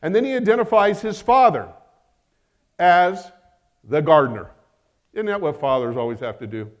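A man with a high, light voice delivers a sermon. He swings between loud emphatic bursts and quieter asides, tossing out rhetorical questions and slowing right down on the phrases he wants to land. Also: expressive. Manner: emphatic, rising and falling dynamically with rhetorical questions; slows down to stress key phrases. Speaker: preacher.

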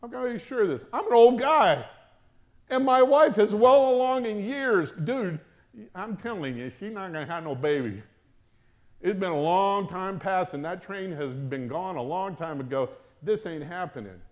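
A preacher voicing a boastful old priest who whoops with joy and then scoffs in slang. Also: male voice, fairly high pitch, fast, vocal fry, hardly any pauses, pitched above the performer's own voice. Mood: scoffing. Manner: loud, slangy and excited.

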